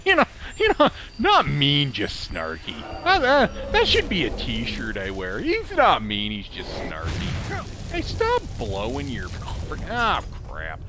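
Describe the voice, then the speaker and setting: A man's voice: a little high, huge pitch swings, slow pace. A man with a drawling Idaho accent chatting loosely as he plays a game, rambling and laughing often with a snarky, self-mocking tone. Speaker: gamer commentating his play. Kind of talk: casual gameplay commentary with storytelling.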